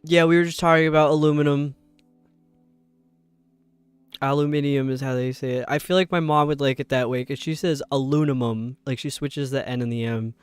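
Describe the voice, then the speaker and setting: A young man with a New York accent chatting casually with viewers while streaming, rambling and sounding out words slowly. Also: fairly high pitch, steady tone, clean tone, no room sound. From upstate New York. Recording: dry close mic with faint game music.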